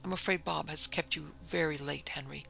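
A man reading aloud voices an anxious young hostess, speaking softly. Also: a little high, fairly even intonation, moderate pace, vocal fry, slightly rough, heavily acted, low-quality recording.

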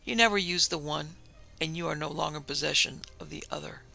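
A man's voice: a little high, fast, gravelly, bright, forceful tone, exaggerated voice. A man voicing a curious male gangster sidekick who trades dry wisecracks.

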